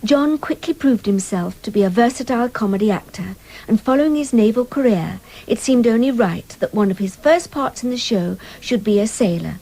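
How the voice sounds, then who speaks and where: A woman presenting a radio documentary in measured, composed scripted narration. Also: fairly high pitch, lively intonation, dark tone, poor audio.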